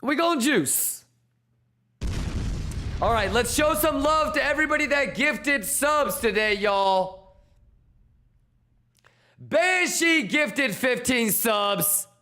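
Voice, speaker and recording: A man hosting a casual crypto trading livestream, reading out chat names with loose, slangy, hyped shout-outs. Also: very high voice, expressive, slow, pauses often.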